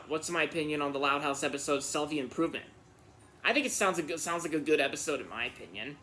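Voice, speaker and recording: Bright-voiced man answering viewer questions. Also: a little high, slight background noise. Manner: halting, repeats and restarts words often. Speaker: Q&A channel host.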